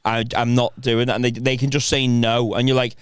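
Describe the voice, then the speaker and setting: A man, chatting in a relaxed, opinionated way on a podcast. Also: medium pitch, fairly quick, clear, resonant tone, no room sound, studio quality. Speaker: podcast co-host. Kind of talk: casual chat.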